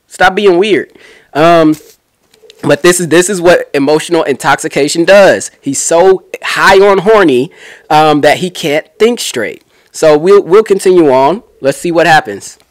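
A man's voice: on the high side, no echo, studio quality. A man giving a casual Bible teaching, retelling scripture in a chatty, slangy way with asides.

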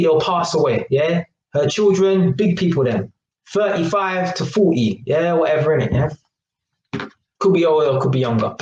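A man giving a rambling, emphatic opinion monologue and tagging his points with quick questions. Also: on the high side, reverberant, a little hiss or hum, low-quality recording. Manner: rambling and emphatic, tags lines with "yeah?" and "innit". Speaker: YouTuber.

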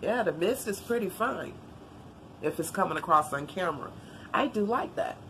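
A woman's voice: lowish voice, moderate pace, a little hiss or hum. Chatty congested woman unboxing gifts. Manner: chatty, animated, Southern-style "y'all" talk. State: congested, tires easily. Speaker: vlogger. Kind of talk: casual unboxing chat.

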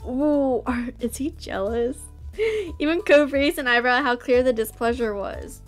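A woman reading a visual novel aloud for her channel, breaking into gushing, excitable asides. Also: sits high, a little slow, faint music behind.

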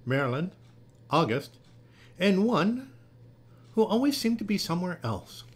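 Husky man reading a picture book. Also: high voice, unhurried. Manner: gentle, expressive storybook reading. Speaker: storyteller.

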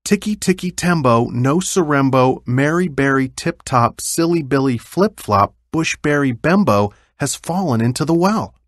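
A man's voice: medium pitch, lively intonation, unhurried, few pauses, no echo, pitched above the performer's own voice. Man putting on frantic little boy Chen. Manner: shouting in a rush.

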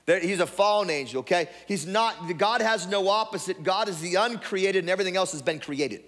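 Man preaching with a high, ringing voice. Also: fairly quick, fairly bright tone. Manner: repetitive restarts, conversational preaching. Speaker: pastor. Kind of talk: sermon. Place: church sanctuary. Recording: long hall reverb.

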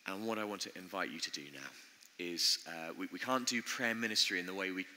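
A man preaching a sermon in an earnest, conversational way, pausing often as he speaks in a church. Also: sits low, bright, forceful tone, a little hiss or hum. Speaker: pastor. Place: church building. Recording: long church reverb.

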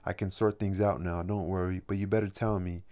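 A man reading as a restless young poet, earnest and low. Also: flat delivery, fairly quick, mellow, natural voice. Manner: earnest, pleading.

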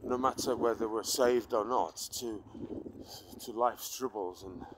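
A man in his forties giving a personal testimony to camera, halting with many restarts and dropping to a hushed tone when moved. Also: on the low side, noisy background. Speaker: Christian video host.

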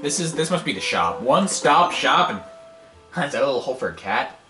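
A man's voice: medium pitch, sing-song, brisk, pushed and bright. A man giving casual, rambling gameplay commentary as a let's play host, impatient and wisecracking. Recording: echoey room, game music behind.

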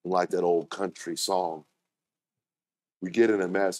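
Animated preacher man. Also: a little slow, long pauses. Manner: animated storytelling, acting out quotes with sudden pitch jumps. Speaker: pastor. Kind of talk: sermon.

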